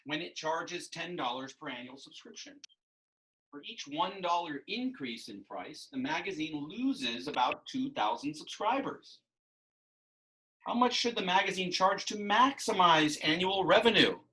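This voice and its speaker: A man's voice: fairly high pitch, lively intonation, measured pace, sharp tone, low-quality recording. A man teaching a math class, explaining ideas with frequent restarts and asides. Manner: explanatory, rambling with many restarts. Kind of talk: classroom instruction.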